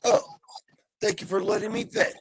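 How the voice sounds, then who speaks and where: A middle-aged man on a live video call, venting in a heavily profane rant that swings between calm and yelling. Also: normal speed, slight background noise. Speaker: panel guest. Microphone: video call mic.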